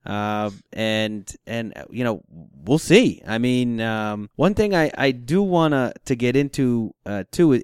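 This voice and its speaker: A man hosting a casual sports talk show, ranting in an animated, incredulous way. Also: medium pitch, smooth, no echo, clean studio sound.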